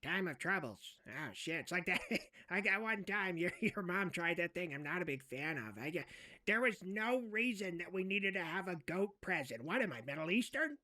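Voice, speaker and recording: A man with a high, sharp, bright voice trades crude jokes in a satirical comedy role-play. He sounds set back from the microphone. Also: animated, normal speed, far from the mic. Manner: crude, joking, laughing through lines.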